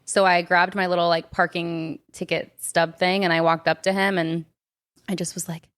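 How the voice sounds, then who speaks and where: A young woman talks on a podcast in a slightly low voice. She is chatty and tells her stories with animated energy. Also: moderate pace. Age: young adult. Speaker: podcast co-host. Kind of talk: casual chat.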